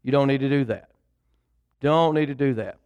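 In a mid-range, slightly mellow and smooth voice at normal speed, a male pastor preaches over lo-fi sound. He repeats himself emphatically and calls on his congregation to read along, preaching in call-and-response fashion.

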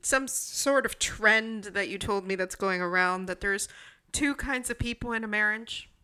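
A woman's voice: medium pitch, a little slow, bright, forceful tone, clean tone. A woman in her forties co-hosting a podcast, chatting casually and teasing her husband in playful banter. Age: 40s. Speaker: podcast co-host. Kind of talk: casual chat.

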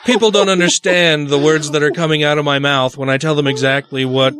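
A man's voice: fairly high pitch, steady tone, brisk, crowd noise. A man hosting a podcast, reading news items and giving profane, indignant commentary. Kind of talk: casual chat.

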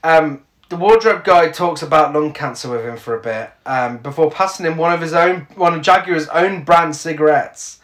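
A man's voice: a little high, moderate pace, few pauses. A man co-hosting a casual chat show, recapping a film with lots of laughter and mocking asides. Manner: animated, laughs often, mocking quotes. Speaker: podcast co-host. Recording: echoey room.

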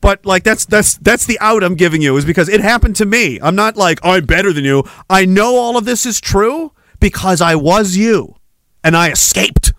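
A man's voice: high-pitched, normal speed, hardly any pauses, fairly bright tone, no echo, clean studio sound. A man hosting a podcast, delivering a heated, profane monologue with mocking sarcasm. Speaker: podcast host.

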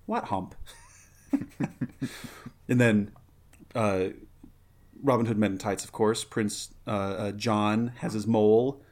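A man with a lowish, darkish voice and a steady tone co-hosts a relaxed podcast about a movie they're watching, speaking slowly with long pauses. A bit tipsy from a drink, he rambles, laughs often and recites lines from the film.

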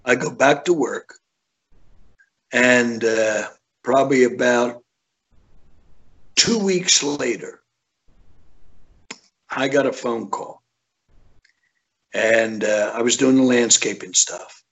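A man guest on a talk show, telling a story in an animated way and often restarting his words. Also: medium pitch, slow pace, long pauses, husky. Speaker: guest, tribute singer. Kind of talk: casual storytelling.

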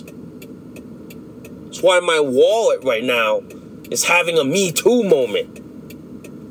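A man ranting angrily to camera, repeating himself and restarting his sentences. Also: on the high side. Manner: angry, repetitive, halting restarts. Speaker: vlogger. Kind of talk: political rant to camera. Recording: loud traffic noise outdoors.

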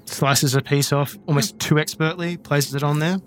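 A man's voice: fairly high pitch, steady tone, moderate pace, a bit bright, soft background music. A man narrating as game master of a tabletop game, describing scenes with fillers.

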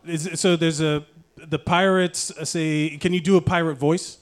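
High-voiced excitable male host. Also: moderate pace. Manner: excitable, swears freely, restless questions. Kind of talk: casual comedy interview.

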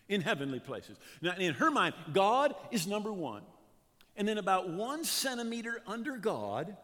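A man's voice: high-pitched, fairly bright tone. Fervent male pastor in a reverberant hall. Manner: fervent preaching with dramatic pauses and emphatic builds. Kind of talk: sermon.

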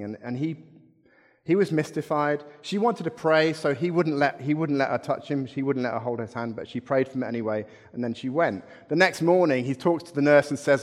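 A man's voice: medium pitch, a little fast. A middle-aged man preaching a sermon, telling a story in a conversational way with wry asides. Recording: long reverb in a hall.

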